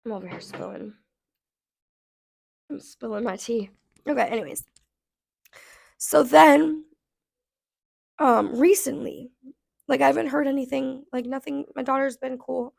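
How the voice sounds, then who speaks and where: A woman in her thirties telling a casual storytime rant, blunt and profane, her voice going hoarse, with lots of "like" fillers. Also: high voice, unhurried, long pauses. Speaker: vlogger.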